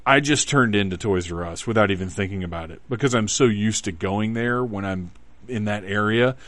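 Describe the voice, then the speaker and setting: Low-voiced rambling Southern man. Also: fairly quick, fairly bright tone, no echo. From Southern United States. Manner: rambling, self-deprecating, chatty. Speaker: podcast host. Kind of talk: casual storytelling monologue.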